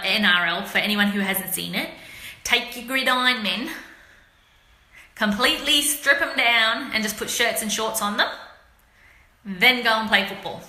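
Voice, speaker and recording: An Australian woman chats with her live viewers in a loose, rambling way, full of slang and asides to people by name. Her voice is very bright and sharp, and the room gives it a noticeable echo. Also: medium pitch. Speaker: livestream host chatting with viewers. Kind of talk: casual live chat. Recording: roomy echo.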